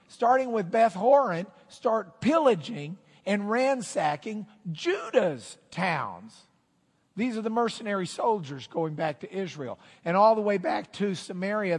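A male pastor preaches from the pulpit with a slightly high voice and an animated storytelling manner. He acts out the quotes as he goes. The recording carries the long reverb of a large church sanctuary. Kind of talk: sermon.

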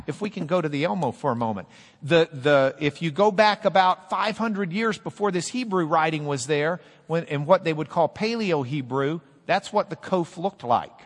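A man teaching a class, playful and animated, drilling the students and cracking jokes. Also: on the high side, in a large hall.

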